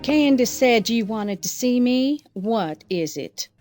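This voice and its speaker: A woman's voice: a little high, lively intonation, slow pace, darkish tone, soft background music. Woman doing a smug sister, dry and unbothered, takes her time. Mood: cool. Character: cool, triumphant sister who took over.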